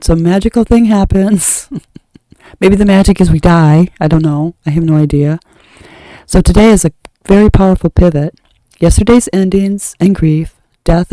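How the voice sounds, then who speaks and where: Blunt, rambling woman with a very dark voice. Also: lowish voice, no room sound, low-quality recording. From United States. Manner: rambling, blunt, trails off and restarts. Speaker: tarot reader. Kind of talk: opinionated spoken monologue.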